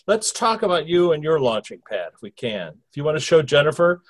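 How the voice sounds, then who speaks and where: Sing-song and fairly quick, a man's higher-pitched voice leads an informal interview with a spirit channeled by a medium. He asks lengthy, wandering questions, restarting them again and again.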